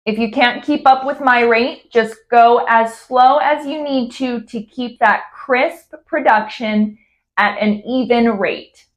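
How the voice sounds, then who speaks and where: Lady speech therapist from california, slow careful drills, kinda high voice. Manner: slow, over-articulated, modeling drills. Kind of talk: instructional exercise guide.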